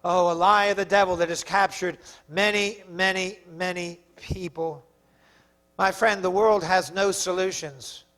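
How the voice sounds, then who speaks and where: Male pastor, very high-pitched, emphatic preaching. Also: steady tone, a little slow, a bit bright. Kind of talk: sermon.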